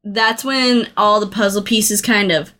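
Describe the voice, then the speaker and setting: A woman casually recapping a film plot in conversation, with a relaxed, chatty manner and the odd swear word. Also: mid-range voice, measured pace. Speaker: podcast co-host recapping a film. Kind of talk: casual chat.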